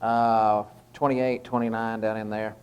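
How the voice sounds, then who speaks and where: A man's voice: on the low side, little pitch movement, unhurried, a little mellow, clean tone, muffled recording. A man giving an informal evening devotional talk, conversational and stopping often with fillers and restarts. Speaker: lay preacher giving a short devotional.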